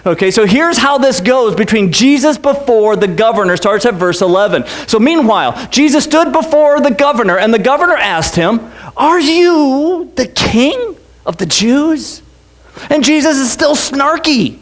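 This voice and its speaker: A man's voice: very high-pitched, lively intonation, moderate pace, few pauses. A man preaching a casual, joking sermon as pastor, with many asides and restarts. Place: church.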